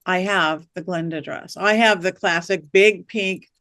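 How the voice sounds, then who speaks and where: A woman guest on an interview podcast, a witch and medium, telling lively stories and acting out the voices of people she quotes. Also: fairly low pitch, unhurried, no echo, clean studio sound. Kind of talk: storytelling interview chat.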